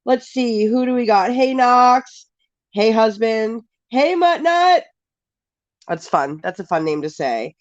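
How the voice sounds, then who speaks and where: A woman's voice: fairly high pitch, unhurried, no room sound, lo-fi sound. Chatty sick woman hosting a live stream. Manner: chatty, greets viewers one by one with bursts of excitement. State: sick with a cold, sniffly. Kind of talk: casual live stream chat.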